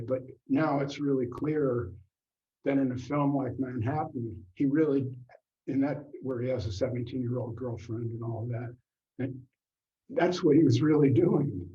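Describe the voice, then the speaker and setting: A man's voice: mid-range voice, measured pace, dark tone. An older man in frank, unguarded casual conversation, speaking plainly and sometimes swearing for emphasis. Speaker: guest. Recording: dull lo-fi sound.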